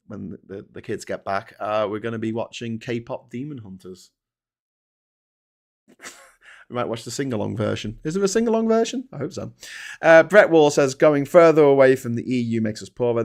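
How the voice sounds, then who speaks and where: English guy rambling thru headlines and chat comments on his channel, swears a lot, mid pitch. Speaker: YouTube host. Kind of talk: casual chat.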